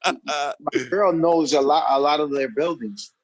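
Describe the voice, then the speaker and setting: A man's voice: on the high side, unhurried, poor audio. A man on a casual podcast who hypes the others up and repeats himself eagerly.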